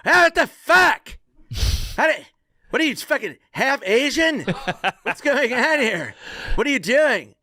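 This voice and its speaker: A man imitating a deadpan male comedian friend who stammers before flat punchlines. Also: sits high, unhurried, no room sound, clean studio sound, pitched above the performer's own voice, heavily acted. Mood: annoyed.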